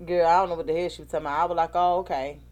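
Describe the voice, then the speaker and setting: A woman co-hosting a casual talk show, telling animated stories, laughing often and acting out what people said. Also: deep voice, racing. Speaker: podcast co-host. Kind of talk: casual chat.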